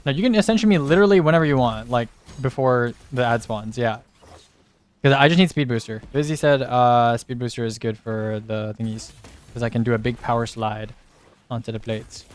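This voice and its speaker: Smooth-voiced profane gamer guy. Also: medium pitch, a little fast. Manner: profane, blunt, joking. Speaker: streamer. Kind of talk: casual gaming banter with teammates.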